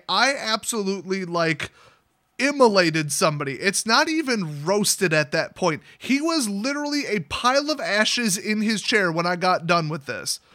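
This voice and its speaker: A man's voice: sits high, sharp tone. A young man telling a card game story in a casual, sarcastic, exasperated rant. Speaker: card game content creator.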